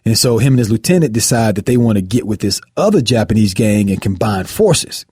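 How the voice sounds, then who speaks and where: Dark husky man telling a story. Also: fairly low pitch, fairly quick, no room sound, clean studio sound. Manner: animated storyteller acting out scenes. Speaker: podcast host. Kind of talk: casual podcast chat.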